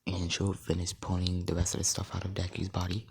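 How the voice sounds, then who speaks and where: A man's voice: low-pitched, completely flat delivery, brisk, vocal fry, slightly rough. A man narrating an improvised fan story in a rambling, self-correcting way, often dropping to a whisper.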